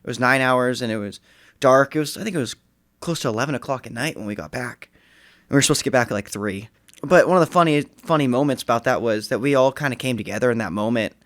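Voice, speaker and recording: A young man, a graduating high school senior, talking earnestly and reflectively in a casual podcast interview. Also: fast talker, fairly bright tone, no echo, clean studio sound. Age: young adult. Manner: earnest, reflective, some restarts.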